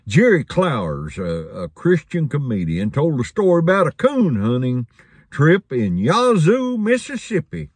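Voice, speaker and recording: A man's voice: fairly high pitch, huge pitch swings, unhurried, breathy edge, no room sound, studio quality. A man preaching a sermon in a folksy storytelling manner, chuckling along.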